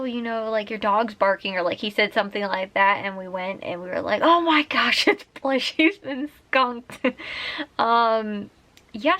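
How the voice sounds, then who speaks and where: A young woman chatting in a rambling casual vlog from her bedroom at night, full of "like" fillers and quick laughs. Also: medium pitch, vocal fry, fairly bright tone. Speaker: vlogger.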